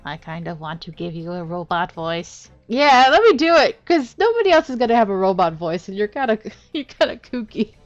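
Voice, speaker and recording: A young woman commentating a blind playthrough of a story game, with loud, laughing reactions. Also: medium pitch, sing-song, brisk, few pauses, soft background music. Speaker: gaming streamer. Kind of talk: blind let's-play commentary. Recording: dull lo-fi recording.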